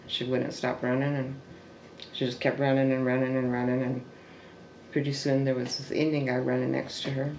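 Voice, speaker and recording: A man with a gravelly, creaky voice recounts a family story in a halting, searching way. He restarts sentences often and sometimes sinks into a hush. He is recorded in an echoey room with a faint noise underneath. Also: medium pitch, monotone. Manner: halting, with restarts and trailing fillers. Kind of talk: oral history storytelling.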